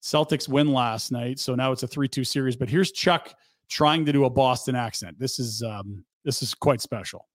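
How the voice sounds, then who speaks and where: A man hosting a sports talk show, chatting casually with quick asides. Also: mid-range voice, no room sound. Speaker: sports radio host.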